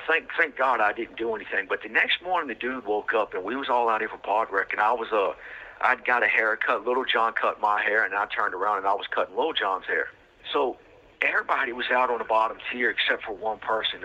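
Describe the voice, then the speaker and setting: Brief: man with a bright, husky voice spinning a loose, slangy story over a tinny phone line. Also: medium pitch. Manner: rambling, street slang, many fillers. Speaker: podcast host telling his own story. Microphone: prison phone line.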